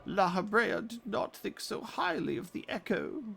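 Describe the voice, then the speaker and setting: A man voicing a solemn young woman who leads a secret order, reading her lines slowly and proudly. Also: high-pitched, sing-song, creaky, a bit bright, voice pushed up, heavily acted. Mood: haughty.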